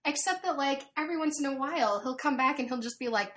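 A woman chatting casually, telling an animated story full of fillers. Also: high voice, fast talker, a little hiss or hum. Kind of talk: casual chat.

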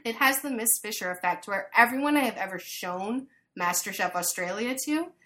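A woman chatting casually, telling an animated story full of fillers. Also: mid-range voice, normal speed. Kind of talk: casual chat.

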